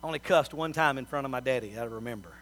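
A middle-aged man preaching a sermon, telling folksy family stories and swinging from soft asides to loud appeals. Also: medium pitch, racing. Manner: folksy storytelling with big swings in loudness.

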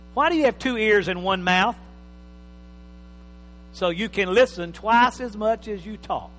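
A man preaching a sermon as pastor, emphatic, swinging from loud bursts to quiet asides. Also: high voice. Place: church hall. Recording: reverberant hall with faint mains hum.

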